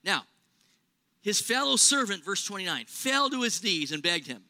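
A man's voice: sits high, lively intonation, moderate pace, bright, forceful tone. A man preaching a sermon in a conversational way, asking rhetorical questions and exaggerating for humor. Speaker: pastor.

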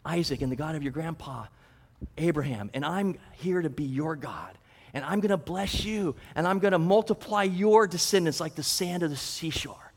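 A man's voice: fairly high pitch, moderate pace. A man doing God, solemn and promising. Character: God, a male deity speaking in a dream. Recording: reverberant hall.

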